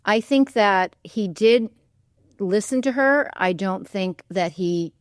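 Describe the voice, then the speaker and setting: A woman's voice: medium pitch, slow pace, no room sound. Thoughtful woman historian, dry studio voice. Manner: thoughtful, candid, hedging with "I think". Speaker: historian and author as guest. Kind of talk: public radio interview. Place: radio studio.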